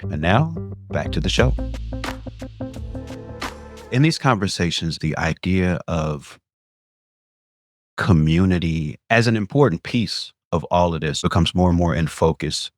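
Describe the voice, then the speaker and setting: A man co-hosting a podcast, asking thoughtful questions in a measured way. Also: sits low, expressive, no echo, faint music behind. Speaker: podcast co-host. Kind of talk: casual interview questions.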